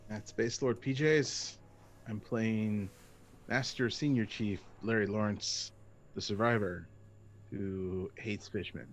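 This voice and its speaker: A man's voice: lowish voice, fairly even intonation, slow pace, slight background noise. A man chatting as a tabletop game player, joking and bantering with the others. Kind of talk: casual chat.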